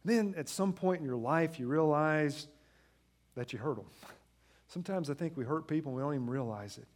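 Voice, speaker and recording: A man in his thirties preaching a sermon with a very lively voice. He drops to hushed, low-pitched phrases, then climbs to loud, emphatic peaks. He acts out bits of family dialogue. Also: fairly quick. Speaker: pastor.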